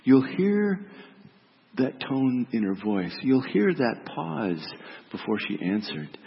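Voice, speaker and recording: A middle-aged man, a pastor, giving a reflective, gentle sermon and dropping softly on key words. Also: mid-range voice, big pitch swings, slow pace, gravelly. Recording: dull reverberant hall recording.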